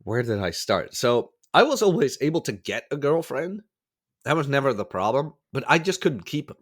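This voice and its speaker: A man's voice: mid-range voice, sing-song, normal speed. A man telling stories as a podcast guest in casual chat, rambling and correcting himself as he goes, still getting over a cold. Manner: rambling, self-correcting, acts out quoted voices. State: recovering from a cold.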